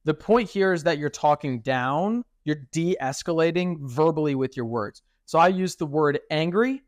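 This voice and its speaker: A young man co-hosting a podcast in casual chat, animated and acting out quoted speech. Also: a little high, moderate pace, no echo. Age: young adult. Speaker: podcast co-host.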